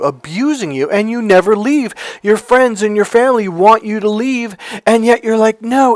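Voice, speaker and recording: Emphatic male coach with faint music. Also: high voice. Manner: emphatic, animated, acts out quoted voices. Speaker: life and relationship coach. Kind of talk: motivational monologue to camera.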